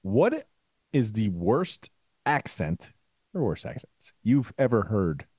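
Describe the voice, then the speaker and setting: Lively, playful man hosting a sports chat. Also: fairly low pitch, slow pace, husky, dry recording, studio quality. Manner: playful, does goofy voices. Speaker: podcast co-host.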